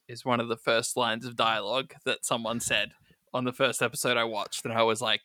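Bright-voiced male podcast co-host. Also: medium pitch, little pitch movement, fairly quick, dry recording, studio quality. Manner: chatty, filler-heavy, amused. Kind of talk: casual chat.

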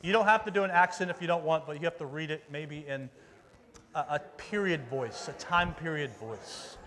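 A man's voice: a little high, moderate pace, a bit bright. A man preaching a casual youth sermon as pastor, upbeat and chatty, rallying the audience and calling out for volunteers. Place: church meeting room with an audience. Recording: long reverb of a large hall.

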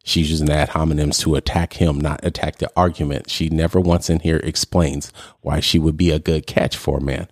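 A man's voice: a bass voice, little pitch movement, a little fast, few pauses, dry recording, clean studio sound. A man hosting a podcast, talking casually and emphatically in a ranting way. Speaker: podcast host.

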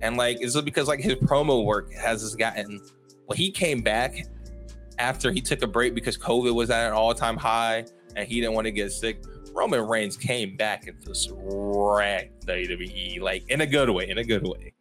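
A man's voice: fairly low pitch, fairly even intonation, moderate pace, a bit bright, soft background music. Rambling man hosting a casual podcast. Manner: rambling and self-interrupting, heavy on fillers and apologies. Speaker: podcast host. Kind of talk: casual solo podcast talk.

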